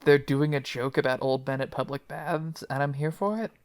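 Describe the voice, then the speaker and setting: Woman, low voice, podcast co-host, dry wry remarks, casual chat. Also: steady tone, normal speed, a little mellow.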